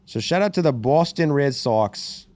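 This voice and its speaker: A man's voice: medium pitch, measured pace, no room sound. A man hosting a casual sports podcast, reading out stats and trading sarcastic jabs, swearing freely. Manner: reads out stats with animated delivery. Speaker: podcast host.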